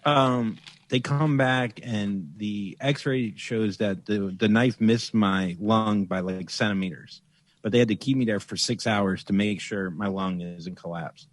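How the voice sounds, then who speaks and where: A man's voice: fairly low pitch, a little slow, no echo. A man as a podcast guest, telling a funny anecdote in casual chat and acting out the voices in it. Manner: animated, acts out voices in anecdotes. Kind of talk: casual comedic storytelling.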